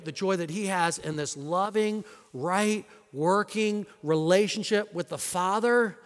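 A man's voice: sits high, normal speed, hardly any pauses, fairly bright tone. A male pastor preaching a sermon in a conversational way and asking the congregation rhetorical questions. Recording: long hall reverb.

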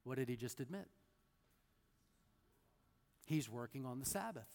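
A man's voice: medium pitch, lively intonation, unhurried, gravelly, a little mellow. A man preaching a sermon in a conversational teaching manner, with wry asides and questions to listeners by name. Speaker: pastor. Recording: long hall reverb.

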